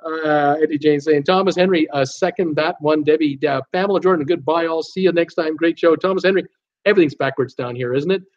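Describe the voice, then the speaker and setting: An animated man hosts a live stream, reading viewer comments aloud and reacting to them. His voice sits a little high. The audio is dull and lo-fi. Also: a little fast. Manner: animated, reads comments aloud with frequent fillers and laughs. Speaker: host of a cruise live stream.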